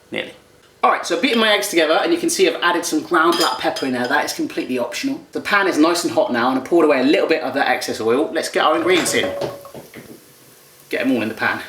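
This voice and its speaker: A home cook with a fairly high, somewhat bright voice hosts a relaxed cooking demo, with a little hiss or hum and kitchen echo in the recording. He keeps things jokey and playful, sprinkling in silly remarks as he cooks.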